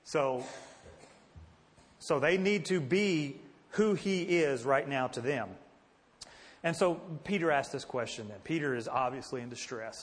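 A man's voice: mid-range voice, moderate pace, long reverb tail. A man teaching a Bible study in a conversational way, asking his listeners questions and answering them himself. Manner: conversational, asks the class questions.

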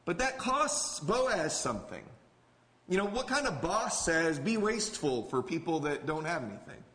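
A man's voice: fairly high pitch, sing-song, normal speed, a bit bright, big-room sound. A man preaching a sermon as a pastor, talking in an earnest, conversational way with casual asides.

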